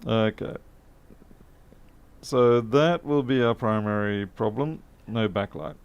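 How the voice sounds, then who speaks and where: Man, low and gravelly, muttering bench commentary with self-deprecating asides. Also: takes it slowly, lo-fi sound. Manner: chatty, self-mocking, mutters while working. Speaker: electronics repair technician. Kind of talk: casual workbench commentary. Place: repair workshop.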